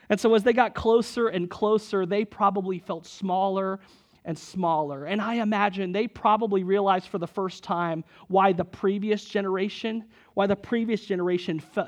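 A young man preaching a sermon, telling a personal story and building to loud, emphatic moments. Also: sits high. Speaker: pastor.

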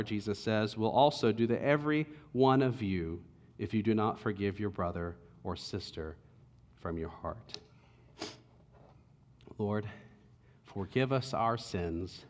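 A male pastor delivering a sermon in a conversational storytelling way, at times dropping to hushed tones. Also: lowish voice, in a large hall.

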